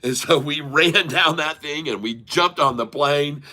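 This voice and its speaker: Middle-aged male host, casual storyteller; bright, forceful tone, rambling and animated. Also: on the high side, unhurried. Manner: animated, rambling anecdote with laughs and restarts. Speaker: channel host.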